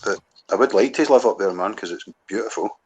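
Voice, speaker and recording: Soft-spoken Scottish man, low voice. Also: a little fast, slight background noise. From Scotland. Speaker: host. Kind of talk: casual chat.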